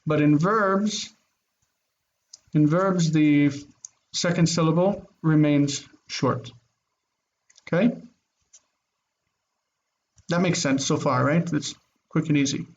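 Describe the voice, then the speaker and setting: A man's voice: fairly high pitch, steady tone, takes it slowly, pauses often, darkish tone, lo-fi sound. A man teaching a grammar lesson online, explaining rules step by step in a casual way with fillers. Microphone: computer mic on video call.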